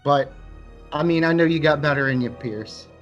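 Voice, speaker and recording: A man's voice: fairly high pitch, normal speed, muffled recording, soft background music. A man co-hosting a casual movie review podcast, summing up the plot with wry criticism. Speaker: podcast co-host.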